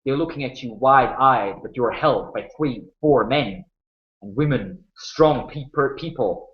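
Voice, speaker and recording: A man's voice: medium pitch, fairly bright tone. A man narrating a tabletop game as game master, telling the story in a dramatic way with small restarts. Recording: dull, roomy sound.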